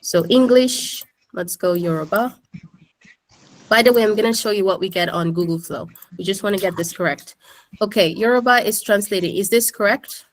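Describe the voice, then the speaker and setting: A woman teacher walks her students through a tutorial in a loose, conversational way, often turning to the class with questions. Her voice sits in an ordinary middle pitch, and she is recorded in a classroom. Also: normal speed. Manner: chatty, keeps addressing the class. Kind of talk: casual screen-share tutorial.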